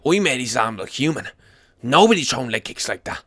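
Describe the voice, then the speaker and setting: A man's voice: mid-range voice, very animated, brisk, a bit bright, no echo. An Irish man putting on the voice of a male fighter making whiny excuses after a loss. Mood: excusing.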